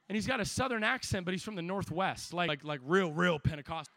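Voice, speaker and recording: A young man preaching a sermon to young people at a camp, building from quiet storytelling to passionate shouting. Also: sits high, a little fast, no echo.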